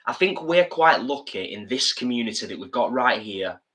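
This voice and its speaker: A Northern English man co-hosts a relaxed evening live stream from home. He reads viewer comments aloud and shares his thoughts in an earnest, chatty way. His voice is bright and forward, sitting at a middle pitch. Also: normal speed. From England. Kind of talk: casual live-stream chat. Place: home, drinking beer.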